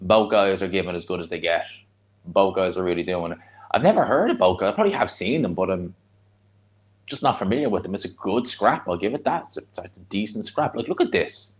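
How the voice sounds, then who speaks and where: His deep, expressive voice moves a little fast as this Irish man with a Dublin accent hosts a live watch-along. He gives casual fight commentary, chatting bluntly and ramblingly with viewers and replying to chat between reactions.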